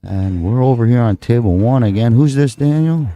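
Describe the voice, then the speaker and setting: A man's voice: mid-range voice, lively intonation, moderate pace, mellow, no room sound, muffled recording. A man with a Texan accent calling a live pool match, rambling and joking with his co-host between shots. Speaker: pool commentator. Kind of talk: live play-by-play commentary.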